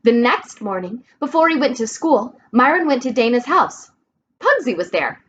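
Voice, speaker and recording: A woman reading a children's storybook aloud, clear and expressive. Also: fairly high pitch, normal speed, lo-fi sound. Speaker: reader.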